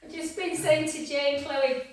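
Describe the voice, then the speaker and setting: A woman's voice: sits high, flat delivery, a little slow. A middle-aged English woman leading a workout class, chatting and gossiping between counting reps and giving cues. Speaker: fitness instructor. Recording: echoey room, voice from a distance.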